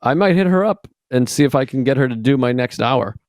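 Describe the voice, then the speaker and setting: Deadpan comedian guest. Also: male voice, medium pitch, brisk, dry recording, studio quality. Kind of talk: casual chat.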